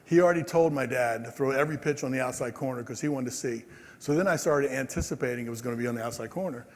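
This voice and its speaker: A man in his sixties giving a conference speech, telling stories in a lively way and acting out the people in them. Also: medium pitch, quick pace. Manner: animated, acts out quoted people. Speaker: keynote speaker. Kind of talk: storytelling speech. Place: large convention hall. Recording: long hall reverb.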